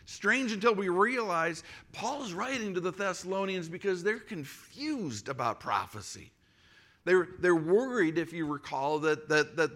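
A man in his forties preaching a sermon in a relaxed, storytelling way with frequent restarts. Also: a little high. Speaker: pastor.

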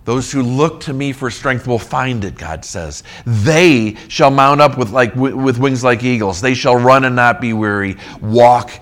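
A man preaching a sermon on scripture, emphatic, rising to near-shouts and dropping low. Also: unhurried, hardly any pauses. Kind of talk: expository sermon.

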